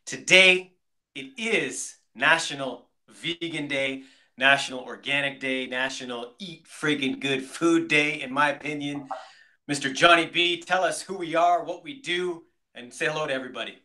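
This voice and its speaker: A man's voice: on the high side, moderate pace, pushed and bright. A man co-hosting a casual podcast, upbeat and enthusiastic, talking straight to his listeners. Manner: upbeat, enthusiastic, addresses listeners as "beautiful people". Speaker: podcast co-host.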